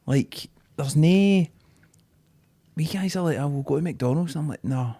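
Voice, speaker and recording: A man's voice: on the high side, normal speed, warm tone, no echo. Laid-back Scottish man, dry sound. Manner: laid-back banter, swears freely. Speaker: podcast co-host. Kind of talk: casual chat.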